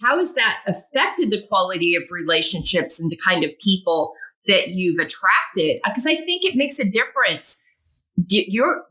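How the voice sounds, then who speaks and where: Female podcast host; bright, affirming, conversational. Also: medium pitch. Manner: warmly affirming, frequent short agreements. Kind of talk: casual interview chat.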